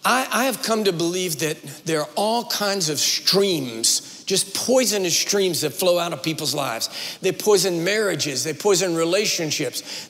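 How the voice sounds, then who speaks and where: A man with a notably high-pitched voice delivers a sermon, pressing into emphatic, rising runs and then slowing down to let points land. His voice carries through a large hall with a long, lingering reverb. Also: a bit bright. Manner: dramatic preaching with rising emphatic runs and slowed pauses. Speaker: guest preacher.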